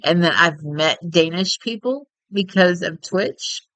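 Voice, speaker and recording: A woman's voice: lowish voice, a little slow, a bit bright, no echo, poor audio. A woman, chatting casually and at length as a streamer while she plays a game. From Texas. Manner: chatty and rambling, with frequent laughter.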